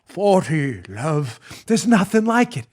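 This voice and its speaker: A man's voice: fairly high pitch, takes it slowly. A man hosting a political commentary show, ranting in a sarcastic, mocking way. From New York. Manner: sarcastic, mocking, animated rant. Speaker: host.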